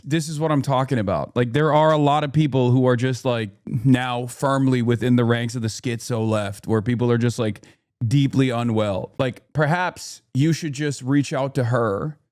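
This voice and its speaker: A man ranting on his live stream, heated and profane, swinging between loud outbursts and low mutters.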